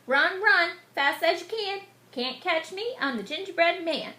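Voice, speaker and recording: A woman's voice: high-pitched, big pitch swings, unhurried, sharp tone, exaggerated voice. Woman doing a cheeky gingerbread boy taunting in a sing-song. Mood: boastful. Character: cheeky boastful little gingerbread boy on the run. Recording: echoey room.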